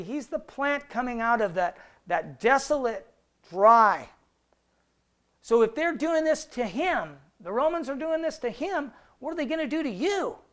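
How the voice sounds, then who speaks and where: A man leading a casual Bible study, talking through verses conversationally, asking rhetorical questions and reading old scripture slowly. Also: very high-pitched, fairly bright tone. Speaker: Bible teacher.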